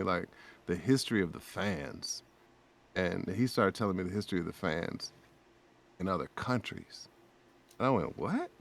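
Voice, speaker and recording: Animated male storyteller, voice rising in quotes. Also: lowish voice, vocal fry. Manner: animated storyteller, acts out quoted dialogue in raised voice; warm and emotional, speaks of faith and prayer. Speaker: guest voice actor. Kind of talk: casual podcast storytelling.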